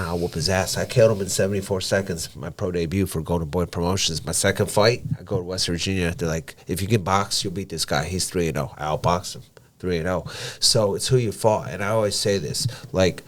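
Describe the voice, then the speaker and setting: A man, a professional boxer, telling stories on a podcast. He talks bluntly and swears freely, and acts out the dialogue in his anecdotes. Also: low voice. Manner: animated storytelling with blunt swearing. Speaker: podcast guest, professional boxer and gym owner. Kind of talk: casual podcast conversation.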